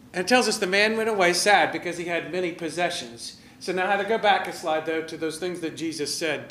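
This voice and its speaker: A man preaching a sermon in a lively, conversational way, asking his listeners questions and directing slides. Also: high voice, fairly quick, hardly any pauses, roomy sound, slight background noise. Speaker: pastor.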